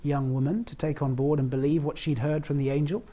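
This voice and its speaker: Warm-toned preacher, conversational. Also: medium pitch, fairly even intonation, a little fast. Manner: conversational, asks the congregation direct questions. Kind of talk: sermon.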